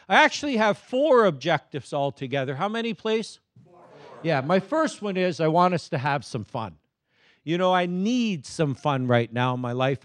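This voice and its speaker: Energetic male keynote speaker, dry sound. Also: fairly high pitch, no room sound. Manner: energetic, humorous, prompts audience responses. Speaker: motivational speaker. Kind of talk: keynote presentation to a live audience.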